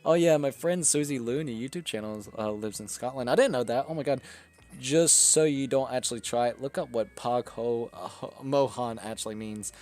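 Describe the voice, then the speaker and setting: A man's voice: medium pitch, a little fast, darkish tone, soft background music. A young man chatting casually and swearing while live-streaming a game, laughing often.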